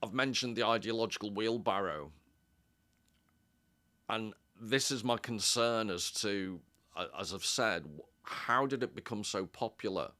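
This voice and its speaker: Guy with a really low voice doing a casual video essay, rambles and cuts himself off a lot, kinda wry. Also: measured pace, sharp tone, no room sound. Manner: digressive, self-interrupting, wry. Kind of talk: casual commentary.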